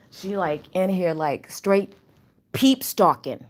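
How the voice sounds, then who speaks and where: A woman's voice: lowish voice, a little slow. Rambling, slangy woman vlogging at home. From Chicago area. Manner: animated, rambling, loose and slangy. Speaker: channel host. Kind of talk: casual spiritual vlog chat.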